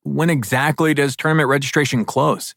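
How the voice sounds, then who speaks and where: A wry young monster hunter, voiced by a male narrator, who talks with dry amusement in a middle-pitched voice. The read is close and dry, with no room sound. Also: brisk, gravelly, a bit bright, no echo. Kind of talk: audiobook character voice.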